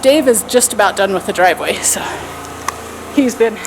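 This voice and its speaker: In noisy camera audio, a female vlogger chats about work at her snowy cabin, filming both indoors and out and using plenty of fillers. Her mid-range voice is expressive, with vocal fry and a moderate pace.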